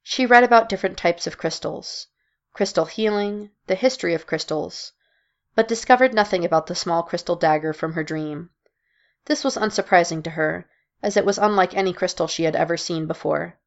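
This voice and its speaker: A woman reads a dark story aloud in a low, gravelly voice with plenty of vocal fry. Her delivery is measured and steady, captured in a dull, lo-fi recording. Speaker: narrator. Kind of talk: scripted narration.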